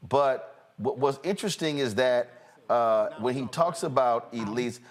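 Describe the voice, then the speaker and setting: A male talk-show host giving animated, mocking political commentary, often halting and restarting. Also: mid-range voice.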